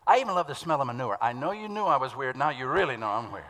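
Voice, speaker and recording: Bright-voiced folksy preacher in a hall. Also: male voice, medium pitch, fast. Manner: folksy, animated storyteller. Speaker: pastor. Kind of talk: sermon. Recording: long hall reverb.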